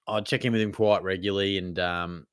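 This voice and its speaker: A man's voice: deep voice, fairly even intonation, fairly quick, smooth, no echo, clean studio sound. An Australian man hosting a live question-and-answer stream, talking in a laid-back, chatty way with plenty of slang. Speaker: host. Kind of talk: casual live Q&A chat.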